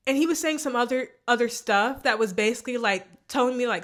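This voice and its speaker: A woman's voice: on the high side, fast, few pauses. Woman telling an emotional personal story. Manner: candid, emotional storytelling with repeated phrases. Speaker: vlogger.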